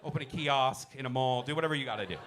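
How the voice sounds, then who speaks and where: A man performing a stand-up comedy set in a comedy club, talking loosely and dropping into quick character voices. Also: medium pitch, noisy background. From born in a Muslim-majority country. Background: audience laughter.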